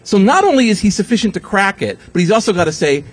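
A high-pitched man speaks fast with few pauses, against slight background noise, as he gives a comic lecture to an audience. Animated and sarcastic, he swears freely and mimics the people he quotes in mocking voices.

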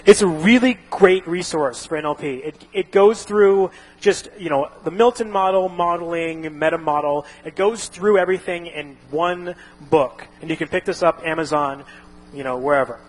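A man's voice: on the high side, moderate pace, husky, low-quality recording. A man casually explaining a topic, rambling with frequent restarts and fillers. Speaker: instructor.

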